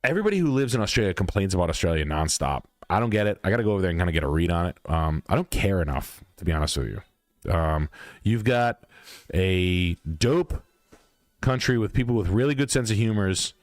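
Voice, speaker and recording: A man's voice: low-pitched, expressive, brisk, dry recording. A man hosting a livestream, ranting bluntly and profanely in a casual, emphatic way. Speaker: livestream host.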